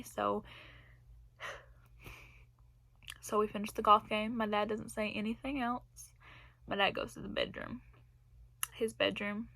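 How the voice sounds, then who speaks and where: A woman's voice: medium pitch, level tone, takes it slowly, gravelly, pauses often, pushed and bright, no room sound. A young woman telling a personal story in a casual vlog, rambling and laughing between phrases. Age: young adult. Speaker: vlogger.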